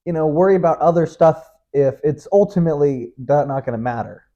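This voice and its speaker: Young male host, loose and profane, rambling monologue with a mellow, dark timbre, on a dull lo-fi recording. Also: a little high, expressive, brisk. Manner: rambling, profane, self-interrupting, laughs often. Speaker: podcast host.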